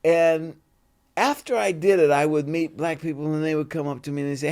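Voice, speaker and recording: A man, an actor guest in an interview, telling relaxed anecdotes and acting out the voices of the people in them. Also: a little high, a little fast, clear, resonant tone. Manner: animated, acts out quoted voices in stories; relaxed and conversational, with "you know" fillers.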